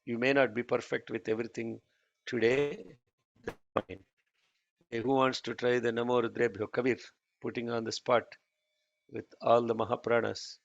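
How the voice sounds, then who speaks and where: A man teaching a chanting class online, patiently correcting pronunciation and demonstrating lines slowly. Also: medium pitch, level tone, vocal fry, highs cut off.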